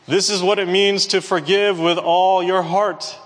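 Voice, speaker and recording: A man preaching a sermon, asking the congregation questions in an animated way. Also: high-pitched, measured pace, hardly any pauses. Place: church hall with congregation. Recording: preached in a hall with long reverb.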